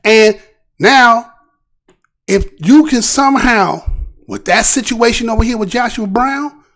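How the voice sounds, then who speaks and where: This news commentary host has an extremely high, fairly bright voice and speaks at a measured pace. Casual and animated, he restarts his phrases often and rhetorically asks "right?" again and again.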